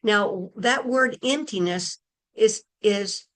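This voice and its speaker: A woman leads a spiritual gathering over a video call at an unhurried pace. She talks earnestly and wanders a little, pausing and restarting her thoughts. Her voice sits at a middle pitch for a woman. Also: a bit bright. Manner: earnest, meandering, with pauses and restarts. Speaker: spiritual group leader. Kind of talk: spiritual talk to an online group.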